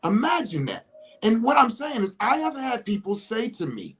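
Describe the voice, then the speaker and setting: A man's voice: very high-pitched, wildly swooping pitch, normal speed, husky, rough recording. A man, talking in a casual monologue and acting out scenarios with rhetorical questions. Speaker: commentator.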